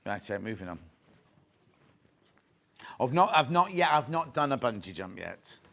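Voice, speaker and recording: A man's voice: medium pitch, big pitch swings, unhurried, creaky, pushed and bright. English guy hosting live shopping tv, chatty and jokey, voice goes up and down a lot. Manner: chatty, jokey, reads out viewer messages. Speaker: shopping channel presenter. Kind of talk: live home shopping chat. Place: TV studio.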